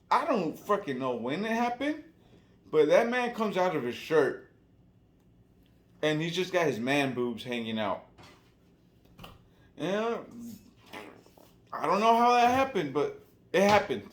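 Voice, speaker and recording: A man casually telling a wild story, profane and animated, acting out the people he quotes. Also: on the high side, slow, pauses often.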